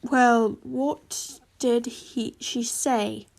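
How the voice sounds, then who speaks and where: Woman reading as a stern male professor father, high voice, unhurried, casual fan read. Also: steady tone, vocal fry, a little mellow, full character voice.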